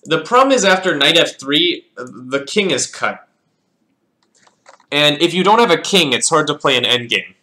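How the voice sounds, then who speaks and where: A man's voice: on the high side, very animated, moderate pace, sharp tone. A man casually reviewing his own chess games, thinking aloud as he calls out the moves and often repeating words. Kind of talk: casual game analysis.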